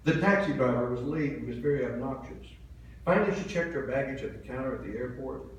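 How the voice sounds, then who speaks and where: A man in his seventies, a pastor delivering a sermon, telling stories earnestly and swinging between soft and loud. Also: mid-range voice, fairly quick, distant mic. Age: 70s. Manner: earnest storytelling, swelling and dropping in volume. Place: church sanctuary. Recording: very echoey hall from afar, faint hiss.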